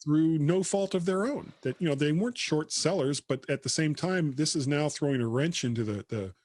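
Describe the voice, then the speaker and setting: A man's voice: fairly high pitch, normal speed, a little mellow, dry recording. A man co-hosting a tech podcast, chatting casually and laughing as he reads out the news. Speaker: podcast co-host. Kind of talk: casual chat.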